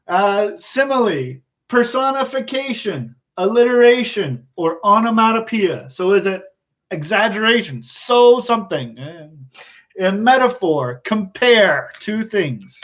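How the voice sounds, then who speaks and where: A male English teacher giving an online class, explaining slowly and patiently and chuckling often. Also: sits high, sing-song, a bit bright.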